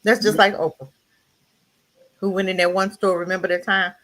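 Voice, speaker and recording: A woman's voice: lowish voice, level tone, normal speed, a bit bright. A woman on a discussion panel chatting and retelling a story. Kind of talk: casual storytelling.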